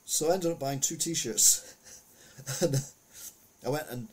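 A middle-aged man talks through the week's news in a loose, chatty way, drifting into stories and side remarks. His voice is husky and sits at an ordinary pitch. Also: takes it slowly. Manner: rambling, chatty, anecdotal with asides. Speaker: news commentary host. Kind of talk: casual commentary on the week's news.

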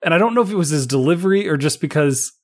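A man's voice: fairly high pitch, animated, racing. A man co-hosting a podcast, rambling casually about a movie with many restarts and repeated words. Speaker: podcast co-host. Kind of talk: casual movie-review chat.

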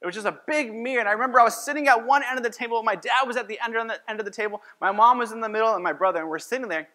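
A man's voice: extremely high pitch, rapid-fire, pushed and bright. A man preaching as a pastor, telling a personal story in a conversational sermon and acting out his own lines.

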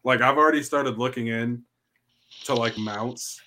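A man with a bright, forceful voice hosts a loose podcast conversation. He tells stories with lots of energy and swears freely. His pitch sits in an ordinary middle range for a man. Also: unhurried, slight background noise. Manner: profane, animated storyteller. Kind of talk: casual podcast chat.

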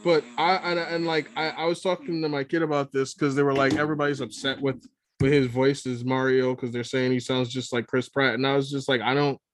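A man co-hosting a pop-culture podcast in casual chat, talking in halting bursts with lots of restarts and swearing. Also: medium pitch, level tone, dry recording. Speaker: podcast co-host.

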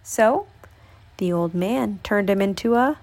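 A woman reading a children's picture book aloud, with an expressive storytelling delivery. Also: mid-range voice, a little slow, slight background noise.

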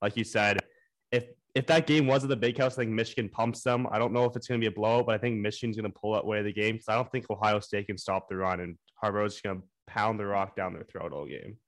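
A man's voice: on the low side, fairly even intonation, fast talker. A young man co-hosting a sports podcast, chatting casually in enthusiastic, opinionated bursts about college football. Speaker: podcast co-host.

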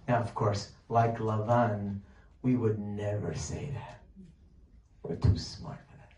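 Male preacher, mellow voice from a distance in a roomy hall, lively rhetorical delivery. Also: fairly low pitch, unhurried. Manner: animated, rhetorical questions, acts out pleading voices. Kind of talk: sermon. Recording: distant mic, echoey room, faint noise.

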